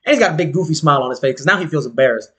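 This man's voice is a little high and rapid-fire as he, a podcast co-host, tells a story in a casual conversation. His delivery is animated, full of slang and profanity, and he performs the voices of the people in it.

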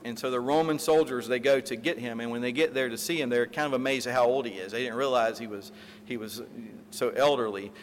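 A pastor delivering a sermon, telling a story with animated retellings and acted-out quotes, then closing in prayer. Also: male voice, mid-range voice, fairly quick. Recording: reverberant hall, faint room noise.

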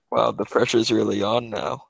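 A man's voice: fairly low pitch, gravelly, husky, dry recording. A young man, a student, co-hosting a podcast in laid-back joking chat. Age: young adult. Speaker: podcast co-host. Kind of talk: casual chat.

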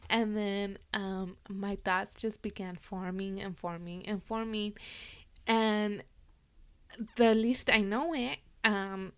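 A young adult woman hosting a casual podcast, reading tarot cards and talking about her life in a relaxed, personal way, slipping between English and Spanish. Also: mid-range voice. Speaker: podcast host.

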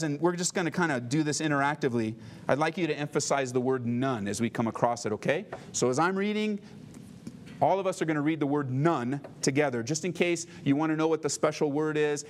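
Animated pastor preaching from scripture. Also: male voice, fairly high pitch, a little hiss or hum. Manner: animated, conversational, reads scripture slowly. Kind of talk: sermon.

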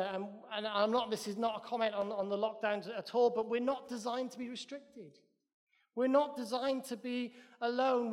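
A man's voice: very high-pitched, in a large hall. A Welsh man preaching a sermon in a church, emphatic and repeating his phrases in threes.

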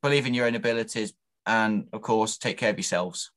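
Easygoing guest, lowish voice. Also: male voice, a little fast, a bit bright. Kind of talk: casual chat.

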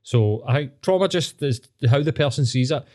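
Sweary Scottish man, mellow voice. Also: mid-range voice, animated, moderate pace. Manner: sweary, laughing, blunt. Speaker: podcast co-host. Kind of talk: casual podcast chat.

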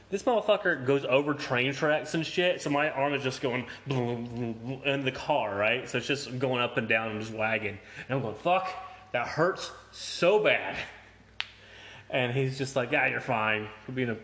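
A man's voice: medium pitch, fairly bright tone. A young man casually telling a story in a podcast chat, swearing a lot, laughing and acting out quotes. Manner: profane, laughing, acts out quotes.

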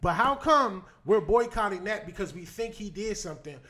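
Casting: high-pitched male host, loose profane debate style. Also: animated, moderate pace, pushed and bright, a little hiss or hum. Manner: profane, argumentative, rhetorical questions. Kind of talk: casual chat.

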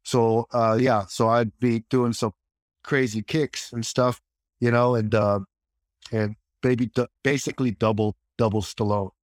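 Brief: man, mid-range voice, animated storyteller who voices the people in his tale, recorded dry and close. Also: mid-range voice, unhurried, dry recording. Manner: lively storyteller who acts out quoted dialogue, many restarts. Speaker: actor and martial artist guest. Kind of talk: anecdotal interview storytelling.

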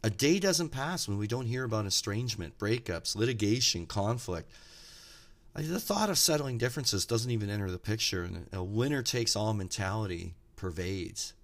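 A man giving an earnest, reflective podcast talk, measured and slowing down for emphasis as he tells stories. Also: on the low side, animated. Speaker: podcast speaker.

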